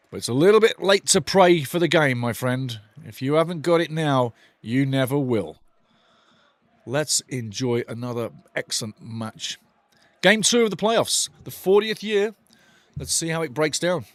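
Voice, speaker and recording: A man's voice: medium pitch, no echo. A middle-aged man hosting a live football watch-along, opinionated, ranting and joking as he comments.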